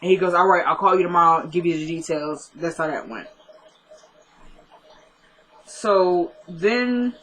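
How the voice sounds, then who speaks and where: A woman's voice: on the low side, fairly bright tone, poor audio. Chatty young woman recapping a TV episode. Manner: chatty, quotes characters in quick back-and-forth, laughs at own jokes. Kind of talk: casual recap of a TV drama episode.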